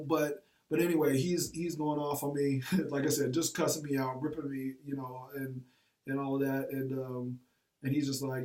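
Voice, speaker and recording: A man with a fairly high voice tells a personal story in an animated, slangy way, acting out what people said. He sits back from the mic, so he sounds distant. The room is roomy and echoey. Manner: animated, colloquial, reenacts quotes, laughs at own story. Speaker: teacher and former football coach.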